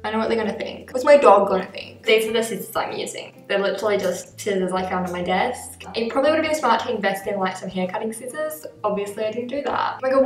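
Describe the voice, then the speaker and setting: A young woman vlogging at home, talking to the camera in a nervous, rambling, self-mocking way while she cuts her own hair. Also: fairly high pitch. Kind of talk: casual talk to camera. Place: home bathroom. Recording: echoey bathroom, mic at a distance.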